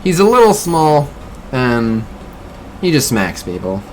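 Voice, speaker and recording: His mid-range voice is sing-song and darkish, delivered slowly over a faint hiss or hum. The streamer plays a mobile game, chatting casually, offering light criticism and reacting to viewer comments.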